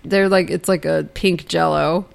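A woman co-hosting a podcast in a casual movie chat, talking in a chatty way with quick asides and frequent laughs. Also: fairly low pitch, fairly even intonation, gravelly. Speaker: podcast co-host.

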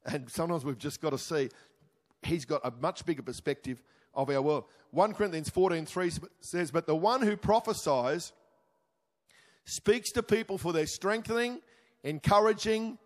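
A man preaching a sermon as pastor, emphatic, rising to exclamations and then dropping low and intimate. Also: moderate pace. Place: church hall. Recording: reverberant church hall.

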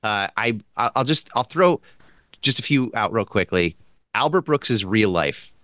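A man's voice: fairly low pitch, expressive, measured pace, a bit bright, no room sound, clean studio sound. A man co-hosting a casual chat, easygoing and agreeable, often stammering as he restarts. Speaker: podcast co-host.

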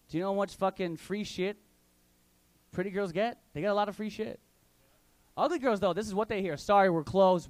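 A young man doing stand-up comedy, telling crude stories full of slang in an animated way on a club stage. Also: high voice, no room sound.

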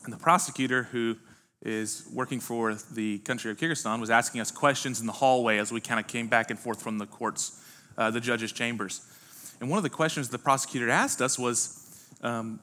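American man, pastor, bright tense voice, folksy sermon storytelling. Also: mid-range voice, brisk. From United States. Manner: conversational storytelling, folksy asides. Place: church sanctuary.

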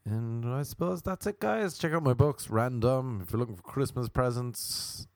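A man's voice: mid-range voice, normal speed, gravelly, no echo, clean studio sound. A young Irish man hosting a comic podcast, rambling through self-mocking stories and plugs with jokey asides. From Ireland. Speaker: podcast host and comedian.

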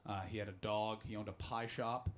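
A man's voice: lowish voice, flat delivery, moderate pace. A young man doing a stand-up comedy set, telling rambling, profane, self-mocking stories and throwing questions at the crowd. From Canada.

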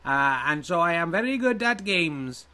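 A man voicing a proud Viking snooker player who speaks in a stiff, formal, drawn-out way, set higher than his own voice. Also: sing-song, sharp tone.

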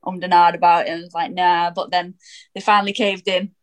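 A woman's voice: fairly low pitch, level tone, quick pace, rough recording. A woman footballer as a podcast guest, chatty and giggly, rambling a little as she tells stories. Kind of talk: casual interview chat.

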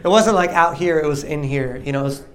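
Young man, sermon testimony, slightly high voice, lively storytelling, laughs often. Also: quick pace. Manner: animated storytelling, acts out dialogue, laughs often. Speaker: preacher.

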